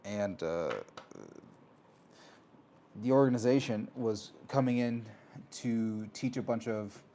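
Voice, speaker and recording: A man hosting his own talk show, telling a personal story in a casual, animated way and acting out the voices of people he met. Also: mid-range voice, takes it slowly. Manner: animated, acts out quoted voices. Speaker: host.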